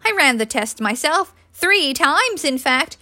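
A woman reading a cheerful, brisk woman doctor. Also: high-pitched, big pitch swings, bright, forceful tone, no echo, pitched above the performer's own voice, heavily acted.

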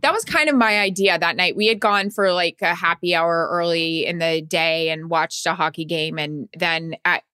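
A woman's voice: on the low side, steady tone, moderate pace, hardly any pauses, pushed and bright, clear, resonant tone, no room sound, studio quality. A woman co-hosting a casual podcast, speaking with enthusiasm and acting out imagined dialogue. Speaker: podcast co-host. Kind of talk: casual chat.

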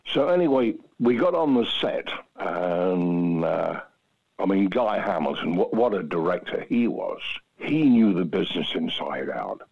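An older man, a retired stuntman, telling anecdotes in a lively, rambling way with fillers. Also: low voice, measured pace, vocal fry, slightly rough. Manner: lively, repeats himself, frequent fillers. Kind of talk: anecdotal storytelling. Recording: dull lo-fi recording.

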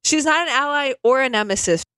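A woman's voice: sits high, animated, brisk, a bit bright, smooth, no echo. A woman co-hosting a podcast, riffing in a sardonic, exasperated, comedic way. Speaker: podcast co-host. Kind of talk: casual comedic chat.

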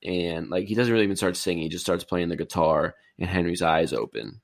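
A man with a low, gravelly voice rambles easygoing through a movie recap. His delivery is relaxed and conversational, and the sound is close and dry with no room around it. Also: fairly quick, no echo. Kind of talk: casual chat, retelling a movie plot.

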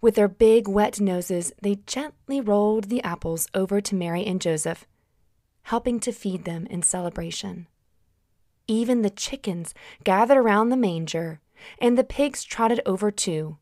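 A woman hosting a children's Bible story, reading gently and asking her young listeners to answer aloud, her voice still recovering from having been lost. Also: mid-range voice, measured pace, no room sound, clean studio sound.

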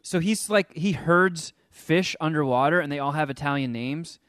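On a casual podcast, a co-host recaps a film with lively energy, doing silly voices for the characters he describes. His voice is a little high for a man and moves at a moderate pace, recorded dry and close with no room around it.

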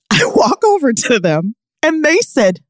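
A woman spins a comic tale, her pitch leaping wildly between lines as she laughs and exclaims. Her voice sits a little high and is recorded close and dry, as in a podcast studio. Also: slow pace, no echo. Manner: animated, emphatic storyteller who laughs often. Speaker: podcast co-host. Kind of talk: casual comedic storytelling.

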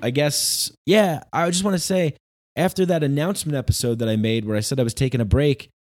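A man hosting a podcast, talking in a loose, rambling monologue that turns sarcastic and animated. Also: mid-range voice, brisk. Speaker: podcast host.

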